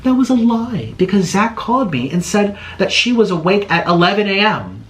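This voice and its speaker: A man's voice: high-pitched, very animated, moderate pace, a bit bright, rough recording. A man vlogging to camera in an agitated, indignant rant, firing off rhetorical questions and mockingly imitating others. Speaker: YouTuber. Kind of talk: heated personal rant to camera.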